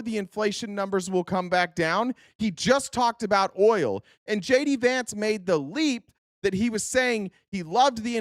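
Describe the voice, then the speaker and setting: A man's voice: high voice, no echo, clean studio sound. Profane, heated man ranting on stream. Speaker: political commentary streamer. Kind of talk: live-stream commentary reacting to clips.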